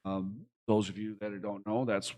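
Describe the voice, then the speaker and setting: A young man from Michigan co-hosting a casual podcast, rambling excitedly and swearing freely. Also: fairly low pitch, measured pace. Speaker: podcast co-host. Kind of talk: casual chat.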